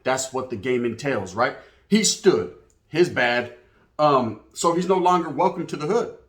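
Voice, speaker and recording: A man's voice: medium pitch, expressive, unhurried. A man telling a street story in casual, profane slang, dropping in Spanish words. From California.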